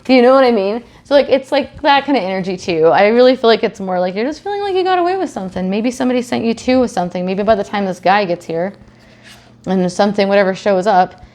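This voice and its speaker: A woman's voice: medium pitch, animated, fast talker, a little mellow. A young adult woman giving a casual tarot reading, chatty, swearing freely and acting out silly scenarios. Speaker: tarot reader.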